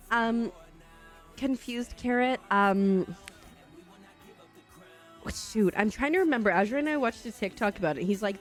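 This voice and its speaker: A young woman from Canada, a streamer telling stories in a rambling, casual chat full of fillers and little laughs. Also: mid-range voice. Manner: chatty, rambling, quick laughs and lots of fillers. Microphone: studio desk mic.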